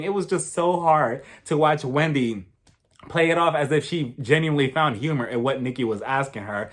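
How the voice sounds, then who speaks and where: A man's voice: mid-range voice, normal speed. A young man giving a casual, gossipy recap of a reality show and acting out what the cast said. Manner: animated, gossipy, acts out quotes. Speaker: reality TV reviewer.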